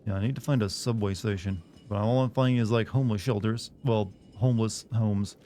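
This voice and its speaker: A man's voice: on the low side, fairly even intonation, a little fast, dark tone, a little hiss or hum. Rambling joking male game streamer. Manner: rambling, joking, crude asides to chat. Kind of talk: casual gaming commentary.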